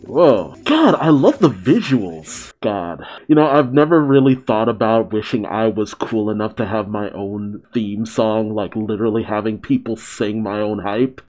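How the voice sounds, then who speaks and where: A man reacting out loud to a show, his pitch swinging wildly from low mutters to high yelps. He laughs often and swears freely. For all that bounce, he takes his time between remarks. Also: very animated, slow. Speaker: reaction video host. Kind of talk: casual reaction commentary.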